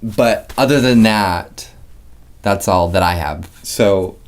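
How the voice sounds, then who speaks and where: A man co-hosting a casual podcast, easygoing and quick to laugh, often trailing off into fillers. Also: lowish voice. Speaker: podcast co-host.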